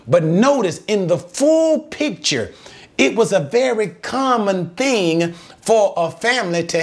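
Male preacher, a bit high-voiced, unhurried, lively delivery, emphatic sermon style with rhetorical questions. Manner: teaching, asks rhetorical questions to the listeners; emphatic, repeats key phrases.

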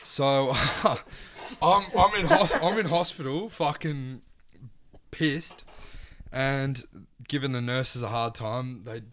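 A man's voice: medium pitch, takes it slowly, a bit bright, a little hiss or hum. A young man telling a wild story among friends, swearing constantly and laughing as he goes. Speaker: podcast guest. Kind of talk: casual storytelling.

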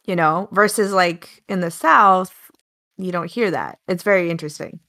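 A talkative woman from Alaska with a Pacific Northwest American accent, chatting loosely on a podcast. Her voice carries a gravelly fry, and her delivery is a bit loud and staccato as she tells a story. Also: lowish voice, moderate pace. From Alaska, United States. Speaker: podcast co-host. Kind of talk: casual chat.

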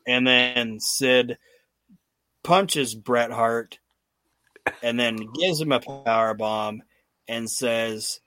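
A man's voice: medium pitch, steady tone, very slow, long pauses, pushed and bright, dry recording. A man hosts a casual podcast, recapping a wrestling match play by play. He laughs often and acts out lines in put-on voices. His voice sits in a middle range and is recorded dry and close. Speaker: podcast host.

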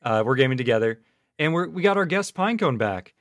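An easygoing man hosts a gaming podcast and keeps the chat moving. His voice sits at an ordinary pitch and is recorded close and dry, with no room around it. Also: expressive, fast, no echo. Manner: easygoing, steering the talk. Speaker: podcast host.

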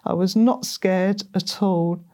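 A middle-aged woman, earnestly telling her faith testimony in an interview, halting with ums and repeated words. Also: medium pitch, dark tone. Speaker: guest sharing a testimony.

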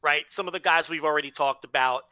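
Male podcast co-host from the US, chatty and loose, bright voice. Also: fairly high pitch, fast talker, clear, resonant tone, no room sound. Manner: animated, many restarts, swears freely. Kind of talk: casual chat.

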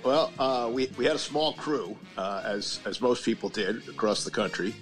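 An older man as a podcast guest, answering in a halting way with many pauses and restarts. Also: medium pitch, soft background music, rough recording. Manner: hesitant, many fillers and restarts. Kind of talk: casual chat.

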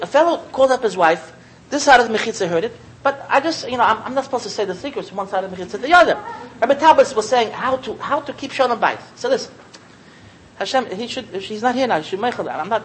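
A man giving a Torah talk as a sermon, an animated storyteller who repeats phrases and chuckles often. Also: extremely high pitch, a little hiss or hum, rough recording. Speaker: Torah teacher.

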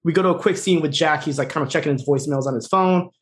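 A man talks quickly and loosely in a casual podcast recap, piling up fillers and acting out what characters said. His voice sits a little higher than most men's. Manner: rapid, filler-heavy retelling, acting out quoted lines. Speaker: podcast co-host.

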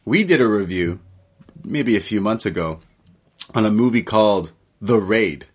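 Co-hosting a movie review show, a man retells scenes animatedly in casual chat, swearing freely and slipping into quoted voices. His voice is lowish and expressive with a breathy edge, at a moderate pace.

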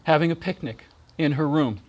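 A middle-aged man gently and warmly telling personal stories in a remembrance talk, with soft pauses. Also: on the high side, dull audio. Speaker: speaker giving a spiritual reflection.

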